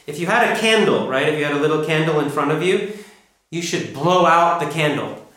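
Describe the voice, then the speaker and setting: A man teaching an English pronunciation lesson, drilling sounds and words slowly and emphatically. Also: a little high, lively intonation, fairly bright tone. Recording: echoey room.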